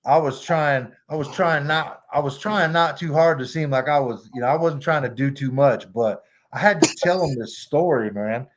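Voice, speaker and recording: A man casually telling a long, rambling sports-fan story on a podcast in a relaxed, easygoing way. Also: fairly high pitch, normal speed, hardly any pauses. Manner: laid-back, rambling, lots of "you know what I mean". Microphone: remote call mic.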